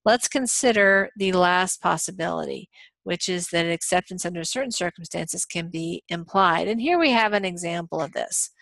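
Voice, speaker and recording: A woman's voice: fairly low pitch, normal speed, vocal fry, fairly bright tone, no echo. A woman lecturing a college law class in a conversational way, with frequent ums and uhs. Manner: conversational, many ums and uhs, acts out quoted dialogue. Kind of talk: recorded lecture.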